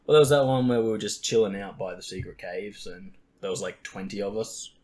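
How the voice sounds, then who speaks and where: A young man with a fairly low voice hosts a casual gaming podcast. He swears freely and drops into quick acted-out quotes. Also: a little mellow. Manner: profane and jokey, acts out quotes. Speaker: podcast host. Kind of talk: casual chat about gaming.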